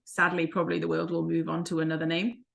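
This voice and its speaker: A woman's voice: low-pitched, little pitch movement, fast talker, creaky. A woman, a life coach co-hosting a vlog, telling stories in casual chat and laughing often. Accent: non-American, unplaced. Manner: chatty storyteller who laughs often.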